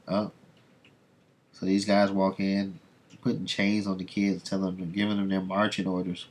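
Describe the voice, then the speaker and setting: A man's voice: sits low, completely flat delivery, moderate pace. A man reading comics aloud and commenting bluntly, swearing as he reacts. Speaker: comic book reader host.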